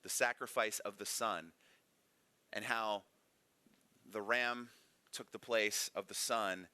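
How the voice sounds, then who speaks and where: Speaking slowly with a steady tone, a man's fairly low voice comes across sharp yet smooth in a dry recording. His relaxed Bible lesson in a church classroom is chatty and full of rhetorical questions like "right?"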